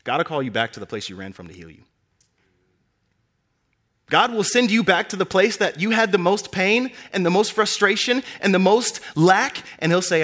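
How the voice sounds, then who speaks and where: Young male preacher, high and highly expressive voice, animated storyteller. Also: normal speed. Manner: animated storytelling, acting out characters with big pitch swings. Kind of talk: sermon.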